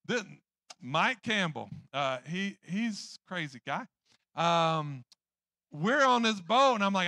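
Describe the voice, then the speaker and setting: Pastor guy preaching, bright punchy voice, jokey storyteller, dry close sound. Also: sits high, slow, dry recording. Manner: animated, jokey storyteller acting out his own past lines. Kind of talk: sermon with personal storytelling.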